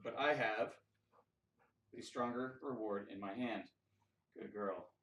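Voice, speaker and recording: Dog trainer, male, mid-pitched, talks through training steps casually. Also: a little slow. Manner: relaxed, explains plainly with frequent uh fillers. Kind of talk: casual instructional talk.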